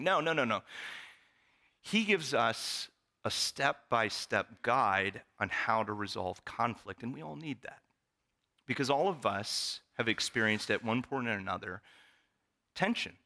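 A man delivers a sermon as a church pastor. He tells stories and reads scripture in an animated way, and his voice has a bright, forward edge. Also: mid-range voice, measured pace. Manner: animated, storytelling preacher.

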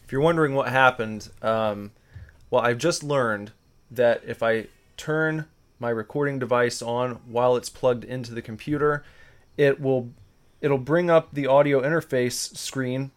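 A man's voice: medium pitch, measured pace. A man co-hosting a podcast, chatting loosely and rambling with fillers. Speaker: podcast co-host. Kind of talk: casual podcast chat.

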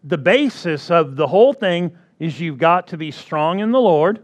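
A man's voice: a little high, lively intonation, normal speed. A man preaching a sermon who repeats his key phrases and keeps asking the congregation for agreement.

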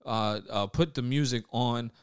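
A man's voice: mid-range voice, a little slow, clean tone. A young man hosting a casual podcast, talking loosely with lots of swearing, trailing off and restarting. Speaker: podcast host.

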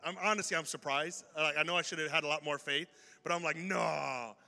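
A male pastor telling a story in a sermon, lively and animated, acting out the voices of the people in it. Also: fairly high pitch, quick pace. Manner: animated, acts out dialogue in the story. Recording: long hall reverb with faint music.

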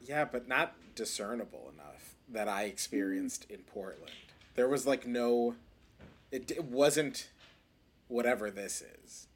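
A man co-hosting a film podcast, relaxed and casual, his sentences often trailing off. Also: medium pitch, measured pace, breathy edge. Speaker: podcast co-host.

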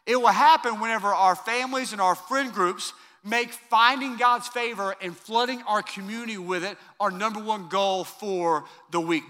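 Male pastor, 30s, high bright tenor, sermon delivery, big reverberant auditorium. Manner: emphatic, repeats key lines, swings from loud to soft.

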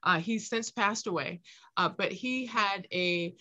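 A woman's voice: mid-range voice, a little slow, sharp tone. A woman guest on a podcast, chatting casually, laughing often and hesitating with fillers. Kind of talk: casual chat.

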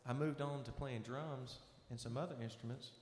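A young man who sings tenor talks modestly about himself, halting and restarting as he speaks. His voice echoes around a large hall with a long reverb tail. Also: medium pitch, fairly even intonation, a little mellow. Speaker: tenor singer. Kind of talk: casual chat and singing. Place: live festival stage.

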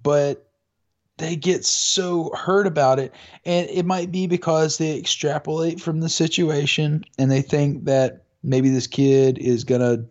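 A man's voice: fairly high pitch, steady tone, a little slow, darkish tone. A man chatting casually as a podcast co-host, telling a rambling story full of fillers and restarts. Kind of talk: casual chat. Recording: dull lo-fi audio.

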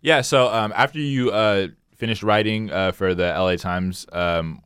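A man's voice: on the low side, normal speed, a bit bright, clean tone, dry recording, studio quality. A man interviewing a guest, asking questions hesitantly with many fillers. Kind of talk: casual interview.

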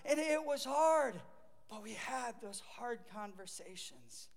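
Middle-aged man, pastor, conversational sermon, very high voice, long hall reverb. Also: lively intonation, slow pace, gravelly. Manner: conversational preaching, acts out quoted voices. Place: church sanctuary.

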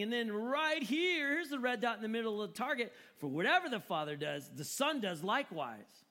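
A man preaching a sermon in an animated, joking way, often repeating words for emphasis. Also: very high-pitched, a little fast, few pauses. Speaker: pastor.

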